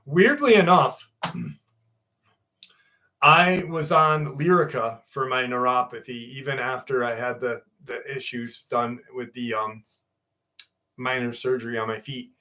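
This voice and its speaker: A man's voice: mid-range voice, fairly even intonation, unhurried, long pauses, pushed and bright. A man hosting a casual live stream, reading viewer messages aloud and chatting back in a loose, rambling way.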